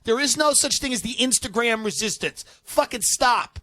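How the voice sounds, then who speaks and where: A man in his thirties hosting a comedy podcast, ranting loudly and profanely. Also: very high-pitched, animated, normal speed. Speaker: podcast host.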